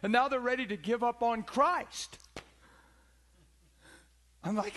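A middle-aged male pastor delivers a sermon in a notably high voice. He preaches with passion, rising to loud calls and then sinking to hushed, intimate tones. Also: measured pace, pauses often. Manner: impassioned, rising and dropping to near whispers.

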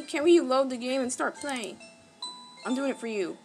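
A woman giving casual let's-play commentary, excitable, gasping and exclaiming at the game. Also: high voice, moderate pace, faint music behind. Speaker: gaming channel host.

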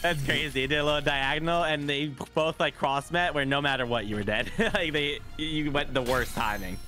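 Teasing gamer man, bright high voice. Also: a little fast, faint music behind. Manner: teasing, bursts into high shouts. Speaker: guest gamer. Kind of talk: casual gaming chat.

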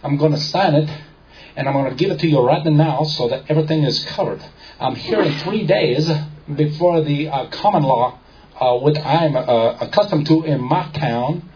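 A man putting on a French accent to play a smug, unflappable rich Frenchman who speaks slowly and with exaggerated courtesy. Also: on the high side, a little mellow, lo-fi sound, voice pushed up, natural voice. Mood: mock-generous. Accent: French, put on. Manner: slow, overly formal and courteous.

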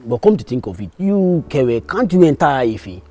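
A man's voice: mid-range voice, sing-song, moderate pace, warm tone, soft background music. An actor playing a bashful young man in a film comedy. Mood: sheepish.

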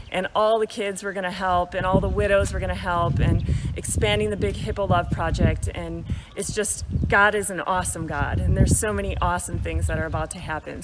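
A woman giving an emotional church testimony into a microphone. She is heartfelt, laughs often and speaks loudly. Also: on the low side, very noisy. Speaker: guest speaker sharing a ministry testimony. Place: church sanctuary. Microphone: handheld microphone. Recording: long reverb of a church hall.

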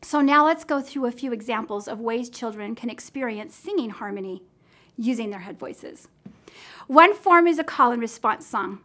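A middle-aged American woman with a clear, encouraging manner, teaching teachers how to guide children's singing. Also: fairly high pitch, bright, forceful tone. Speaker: music teacher trainer. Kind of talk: instructional demonstration.

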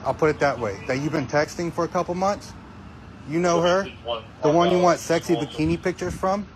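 A man's voice: a little high, a crowd in the background, rough recording. Confrontational man firing off questions. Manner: confrontational, rapid-fire questioning.

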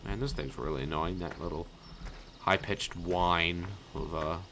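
Slow-talking profane gameplay commentator man. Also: sits low, slight background noise. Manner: excitable, profane, jokey. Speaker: let's play host.

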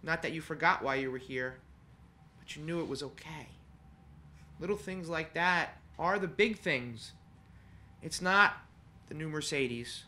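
A man serving as funeral celebrant, giving an earnest, heartfelt eulogy in a conversational manner with pauses. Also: fairly high pitch, bright, forceful tone. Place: funeral home chapel.

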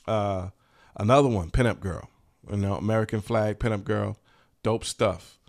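A man hosting a channel for t-shirt sellers, talking casually and enthusiastically, in a relaxed, slangy way with plenty of swearing. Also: lowish voice, normal speed, vocal fry. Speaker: host of a t-shirt business channel. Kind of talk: casual talk showing shirt designs.

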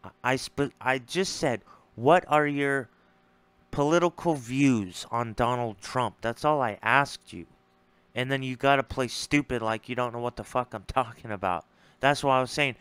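Annoyed guy venting, blunt and cussing, smooth clean voice, dry close sound. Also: mid-range voice, moderate pace, fairly bright tone, dry recording. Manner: frustrated, blunt and profane, repeats words. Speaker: streamer responding to a debate. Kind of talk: casual ranting monologue.

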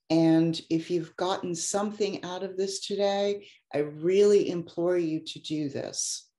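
A woman's voice: lowish voice, dark tone, echoey room. A woman life coach giving an effusive, heartfelt motivational talk to an online audience. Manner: effusive and heartfelt, gets emotional.

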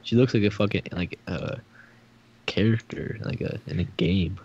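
A man's voice: low voice, moderate pace, darkish tone, slightly rough. A young man co-hosting a casual podcast, joking crudely and swearing a lot. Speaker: podcast co-host. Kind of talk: casual chat. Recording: dull lo-fi mic with faint noise.

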